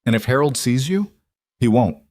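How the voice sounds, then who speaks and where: A man voicing a calm, guarded middle-aged protector in an audiobook, speaking flatly and without inflection. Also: medium pitch, no echo, clean studio sound, voice pushed up, natural voice. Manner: flat, measured, unemotional. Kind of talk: audiobook character voice.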